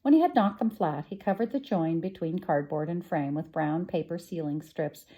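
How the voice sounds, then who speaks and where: A woman storyteller reading a children's book aloud with a gentle, expressive manner. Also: lowish voice, moderate pace.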